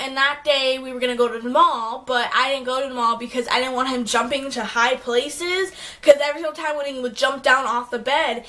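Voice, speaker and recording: A woman's voice: high voice, a bit bright. A young adult woman vlogging, telling a long story casually and filling her talk with "like". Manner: rambling, heavy use of "like" fillers.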